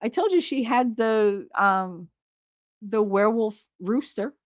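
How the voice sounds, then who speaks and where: A woman's voice: mid-range voice, takes it slowly, no room sound, clean studio sound. A middle-aged woman hosting a live stream, chatting casually and bluntly, swearing freely while she reads viewers' comments.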